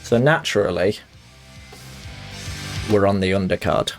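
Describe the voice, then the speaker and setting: A man's voice: sits low, a little slow, soft background music. A young man chatting casually while streaming a fighting game, joking and putting on voices. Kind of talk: live game commentary.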